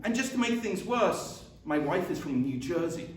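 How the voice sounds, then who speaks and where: A man's voice: sits high, sing-song, normal speed. A middle-aged man with a mixed British accent, tinged with Scottish and Baltic sounds, giving an academic lecture in a self-deprecating way, with many fillers and repeated words. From born in the UK, raised in England. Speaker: visiting professor. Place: lecture room. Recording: echoey room from far off, faint noise.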